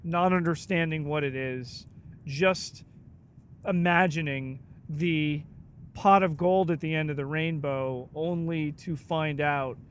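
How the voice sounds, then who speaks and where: A man's voice: a little high, steady tone, takes it slowly, slight background noise. A man co-hosting a podcast in casual chat, hesitant and full of dry, sarcastic humor. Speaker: podcast co-host.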